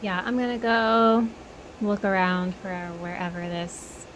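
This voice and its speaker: A woman playing a tabletop game, talking in a low-key, thoughtful way that often trails off. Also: measured pace, a bit bright, slight background noise, low-quality recording. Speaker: player. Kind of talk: casual tabletop play.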